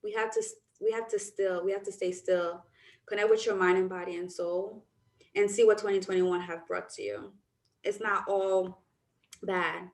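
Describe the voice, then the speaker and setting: A young adult woman podcast host who leads a guided visualization with slow, soothing, drawn-out phrasing. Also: medium pitch, fairly even intonation. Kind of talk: guided visualization and reflective talk. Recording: roomy echo.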